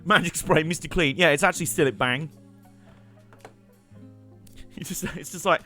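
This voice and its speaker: A man's voice: high-pitched, moderate pace, pauses often, a bit bright, faint music behind. A young man, chatting and joking while commentating his live gameplay stream. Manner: chatty, joking, rambling asides with laughs.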